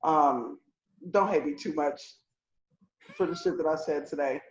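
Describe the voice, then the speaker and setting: A woman's voice: sits low, unhurried. A woman co-hosting a podcast, talking bluntly and profanely in casual chat. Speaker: podcast co-host. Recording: echoey, dull lo-fi room sound.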